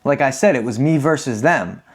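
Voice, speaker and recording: A man's voice: mid-range voice, normal speed, breathy edge. Candid man telling his recovery story. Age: 30s. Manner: candid, animated when acting out quotes. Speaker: podcast host. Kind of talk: confessional storytelling.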